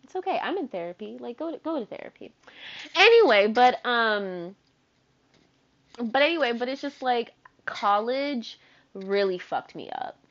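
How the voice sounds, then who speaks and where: A young woman in her twenties hosting a podcast, telling stories in a chatty, animated way, full of "like" and asides. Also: a little high, unhurried, pauses often. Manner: chatty, animated, filler-heavy with frequent "like". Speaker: podcast host. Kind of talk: casual storytelling monologue. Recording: dull lo-fi sound.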